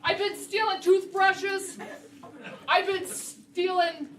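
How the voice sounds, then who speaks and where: Slow-talking high-voiced woman doing improv. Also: steady tone, a bit bright. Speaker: improv comedy player. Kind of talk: improvised comedy scene. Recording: echoey stage, mic far off, noisy.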